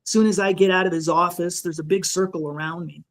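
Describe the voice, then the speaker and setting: A man guest on a podcast, recounting a frightening personal encounter in a halting, emotional way, full of restarts and "you know". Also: high-pitched, steady tone. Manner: shaken, emotional retelling.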